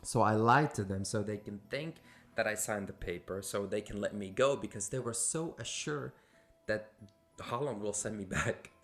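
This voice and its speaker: Man, fairly low voice, casual storytelling, lots of fillers, faint music behind. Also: normal speed, fairly bright tone. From Syria. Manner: casual, frequent fillers and restarts. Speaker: podcast host. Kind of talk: personal storytelling.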